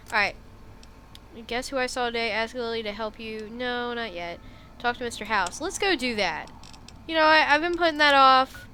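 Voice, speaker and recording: Woman gamer, casual commentary, slow unhurried talk, bright voice, faint noise. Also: on the high side. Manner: chatty, joking, laughs often. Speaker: game streamer.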